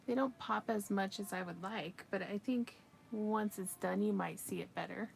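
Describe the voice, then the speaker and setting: A woman in a relaxed livestream chat, talking to her viewers while she crochets. Her voice sits at an ordinary middle pitch and she keeps an easygoing, chatty manner. A faint hum of background noise runs under the recording. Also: moderate pace, creaky. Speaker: livestream crafter.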